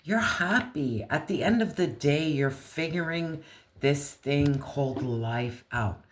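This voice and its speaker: Tarot reader talkin slow n blunt, lots of slang and cussing, mid pitch. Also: expressive. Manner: blunt, swears freely, slangy; speaks slowly, talks straight to viewer. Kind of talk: casual tarot reading.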